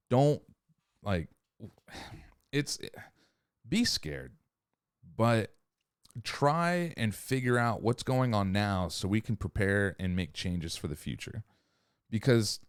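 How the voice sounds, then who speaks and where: A man with a low voice rants on a podcast, swearing freely and wandering off his point. His pitch leaps up and down with lively swings. The sound is dry and close, with no room echo. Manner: profane, rambling, loses his thread. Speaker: podcast host. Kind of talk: casual rant.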